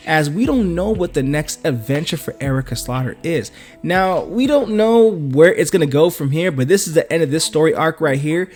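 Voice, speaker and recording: A casual comic book recapper tells the story in loose slang and throws in jokes. The voice swings widely in pitch, with faint music playing behind. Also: moderate pace. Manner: slangy, animated, jokey.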